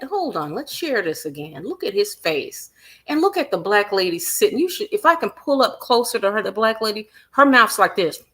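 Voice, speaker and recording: A woman hosting a celebrity gossip livestream, animated and emphatic, repeating her points and reading viewer comments aloud. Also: medium pitch. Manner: animated, acts out quotes in other voices, reads viewer comments aloud; emphatic repetition.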